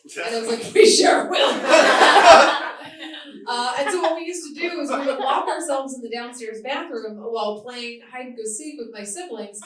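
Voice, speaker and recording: A woman's voice: high-pitched, a bit bright, far from the mic. A woman from the Boston area doing candid, self-mocking stand-up comedy on a club stage, laughing often. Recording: roomy live club, heard from afar.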